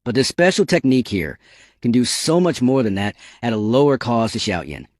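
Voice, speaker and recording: A man's voice: medium pitch, lively intonation, moderate pace, darkish tone, no room sound, clean studio sound. A man narrating a story recap and reading every part himself in a plain storytelling manner.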